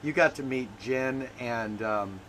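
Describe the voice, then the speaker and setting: A man's voice: medium pitch, slow, a bit bright, a little hiss or hum. Preacher-like man hosting a faith talk. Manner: preacher-like, builds to emphatic declarations. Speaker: host. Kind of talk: faith talk show discussion.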